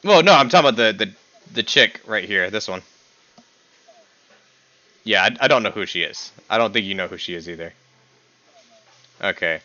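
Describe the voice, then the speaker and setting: A young man with a fairly low voice hosts a casual podcast on a home stream, ranking characters with a guest he teases and laughs with a lot. He talks at a moderate pace with frequent pauses, his pitch jumping when excited. The dry recording sounds bright yet a bit dull and lo-fi.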